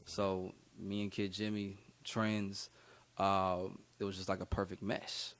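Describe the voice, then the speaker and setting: A man's voice: low-pitched, flat delivery, takes it slowly, fairly bright tone. A young adult man, a rapper, telling his story in a casual interview, laid-back and slangy with lots of fillers. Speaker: rapper guest.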